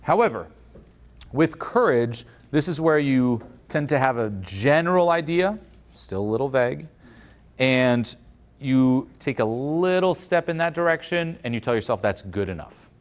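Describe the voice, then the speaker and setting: A man giving a motivational talk at a conference, switching into quoted voices to act out examples. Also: mid-range voice. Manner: animated, acts out quoted voices. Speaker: speaker. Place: conference stage.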